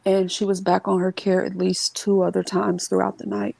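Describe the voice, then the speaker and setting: A woman telling an emotional family story as an interview guest, earnest and halting, sometimes acting out what others said. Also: mid-range voice, completely flat delivery, vocal fry, mellow, no echo, rough recording.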